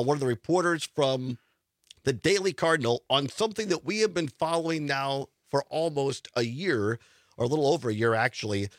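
A man's voice: mid-range voice, fairly bright tone, no echo. A middle-aged man with a congested, stuffy voice hosting a radio talk show from a studio, chatting and reading news quotes aloud with emphasis. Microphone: studio broadcast microphone.

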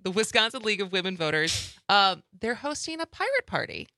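A woman co-hosting a casual talk show, lively and quick to laugh. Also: medium pitch, dry recording. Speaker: co-host. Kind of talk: casual chat.

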